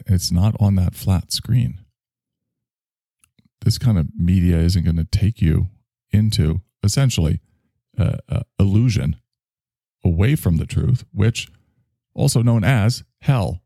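Man, streamer, slow sarcastic rambling, gravelly voice, dry close sound. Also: low-pitched, dark tone, no echo. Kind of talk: rambling comic monologue.

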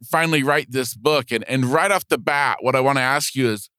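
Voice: medium pitch, fairly quick, pushed and bright, dry recording, studio quality. An upbeat interview host asking questions.

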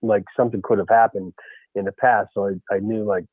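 A former baseball coach telling a lively story in a radio interview, peppering his talk with "you know" and "right?". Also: on the low side, fairly quick, husky, no echo. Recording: tinny phone line.

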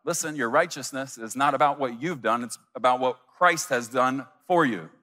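A man preaching a sermon as pastor, animated, acting out imagined voices of his listeners. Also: mid-range voice, normal speed, few pauses, long reverb tail.

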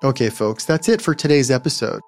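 A male psychologist hosting a podcast, giving scripted parenting advice in a calm, measured, gently instructive way. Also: mid-range voice, soft background music.

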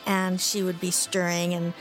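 A woman co-hosting a food podcast, telling stories in a lively, casual way. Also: on the low side, moderate pace, faint music behind. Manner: storytelling, animated. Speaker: podcast co-host, magazine editor.

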